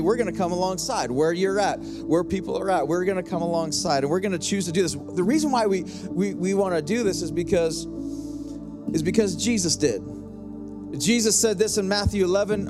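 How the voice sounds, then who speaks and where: A middle-aged man preaching a sermon as pastor, in a conversational, repetitive style that slows down to stretch key lines. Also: high voice.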